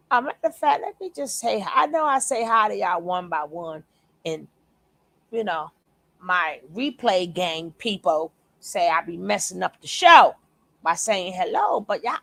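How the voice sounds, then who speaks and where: Slow-talking gravelly woman streamer. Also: medium pitch, dry recording. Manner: chatty, greets viewers warmly by name. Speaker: reaction channel host. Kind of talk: casual livestream commentary.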